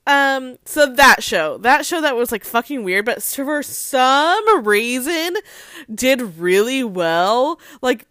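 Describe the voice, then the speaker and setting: A woman's voice: sits high, animated, slow pace, a bit bright, no room sound. Chatty woman gossiping, dry close sound. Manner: chatty, heavy use of "like", swearing, laughing asides. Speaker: host. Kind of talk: casual celebrity gossip talk.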